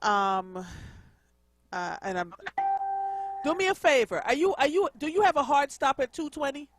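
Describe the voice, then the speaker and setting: A woman's voice: sits high, expressive, moderate pace. Exasperated woman hosting call-in radio. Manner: emphatic, exasperated, calls on Jesus. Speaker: radio talk show host. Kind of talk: live call-in radio talk.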